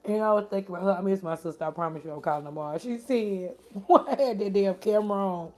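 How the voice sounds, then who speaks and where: A woman's voice: medium pitch, fast, warm tone. A woman chatting casually on her live stream, laughing often and answering her chat.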